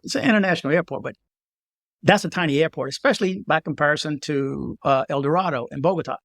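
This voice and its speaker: A man giving casual travel advice in a vlog, emphatic and repeating his warnings with animated asides. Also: on the high side, no room sound, clean studio sound. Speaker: travel vlogger.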